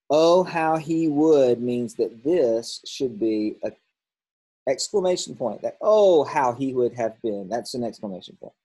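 A man teaching a grammar lesson, working through workbook answers out loud, thinking aloud and correcting himself as he goes. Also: mid-range voice, husky, poor audio.

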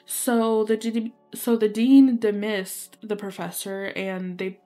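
A woman's voice: mid-range voice, little pitch movement, slow pace, warm tone, faint music behind. Young woman, casual storytelling, rambling, lots of fillers, apologetic asides. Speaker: gaming video creator. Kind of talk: casual storytelling while playing.

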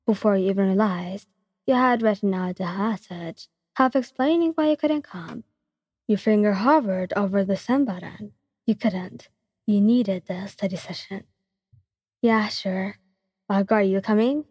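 A young woman softly narrating a second-person ASMR fan story in an even reading voice. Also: mid-range voice, normal speed, slightly rough. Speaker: fanfiction reader. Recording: long reverb.

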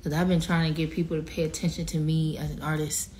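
A woman's voice: low-pitched, flat delivery, fast, a little mellow, faint music behind. A woman in her thirties on a casual, emotional livestream, choked up and holding back tears as she thanks viewers by name. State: teary, choked up. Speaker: singer addressing livestream viewers.

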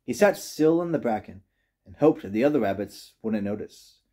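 A man reading a children's storybook aloud with gentle, expressive narration. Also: fairly low pitch, moderate pace, slightly rough. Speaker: reader.

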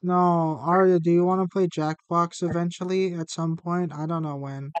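A man's voice: on the high side, steady tone, moderate pace, smooth, no room sound, lo-fi sound. A young man chatting casually while gaming with his girlfriend, joking and teasing her. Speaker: streamer's boyfriend.

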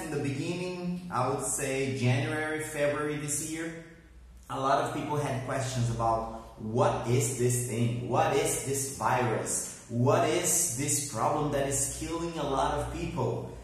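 Man teaching english slow, repeat after me style, far off mic in a big echoey room. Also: mid-range voice, a little hiss or hum. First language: Portuguese. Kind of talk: online English lesson. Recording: very echoey room, heard from a distance.

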